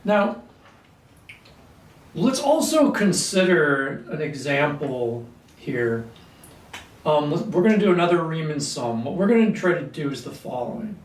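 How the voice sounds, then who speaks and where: A man teaching a calculus lesson at a whiteboard, clearing his throat often and talking through steps with fillers. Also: fairly high pitch, expressive, unhurried, long pauses. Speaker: math teacher. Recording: echoey room, mic at a distance.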